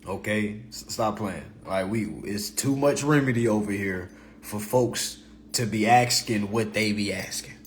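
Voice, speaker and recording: A man hosting a livestream in a blunt, profane, passionate rant, repeating himself and swinging between loud and low. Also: a little slow, a little hiss or hum. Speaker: livestream host.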